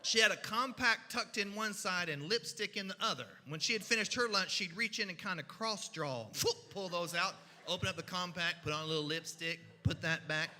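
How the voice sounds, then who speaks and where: A storyteller from the mountains, telling a funny story in a folksy, animated way, with sound effects and voices. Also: male voice, high-pitched, a little fast, hardly any pauses. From Kentucky mountains. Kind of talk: humorous storytelling. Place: church hall. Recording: reverberant hall.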